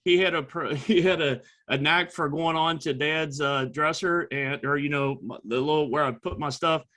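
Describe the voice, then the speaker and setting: A man's voice: fairly high pitch, moderate pace, sharp tone. A married man co-hosting a podcast, telling a rambling personal story with frequent restarts and laughs. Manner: rambling, laughing, self-correcting. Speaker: podcast co-host. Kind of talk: casual storytelling chat.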